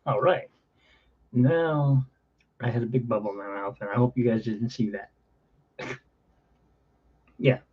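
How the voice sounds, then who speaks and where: A man's voice: mid-range voice, fairly even intonation, measured pace, pauses often, husky, muffled recording. A man in his forties, host of his own channel, telling a blunt, wry story in a casual rambling monologue. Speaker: channel host playing keyboard.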